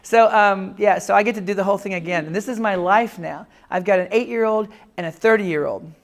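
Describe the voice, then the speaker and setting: Brief: man in his fifties, lively comic storyteller, warm-up talk in a classroom. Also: high-pitched, fairly quick, creaky. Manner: animated storyteller, lively jokes, acts out voices. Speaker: speaker. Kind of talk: humorous personal talk. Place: classroom or lecture room.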